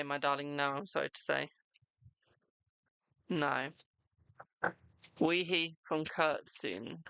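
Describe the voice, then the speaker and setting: Gravelly bright-voiced British man reading tarot. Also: fairly high pitch, no room sound. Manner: affectionate, calls viewers "my darling"; chatty, reads questions aloud and answers quickly. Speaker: tarot reader hosting a live stream. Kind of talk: casual live-stream tarot reading.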